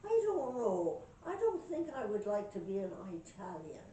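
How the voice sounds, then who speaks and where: A woman's voice: medium pitch, big pitch swings, moderate pace, mellow, natural voice. Older woman doing jolly Irish pub men. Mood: jokey. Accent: put-on Irish. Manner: jaunty storytelling joke delivery. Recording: echoey room, distant mic, faint noise.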